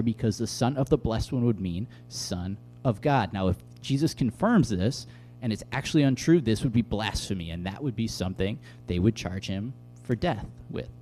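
Mellow-voiced man teaching casually. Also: mid-range voice. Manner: conversational, animated storytelling with asides. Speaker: bible teacher.

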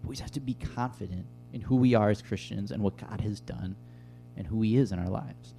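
Low gravelly man preaching casually. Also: a little fast, warm tone, faint music behind. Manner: conversational, earnest, uses filler words. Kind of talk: sermon with personal story.

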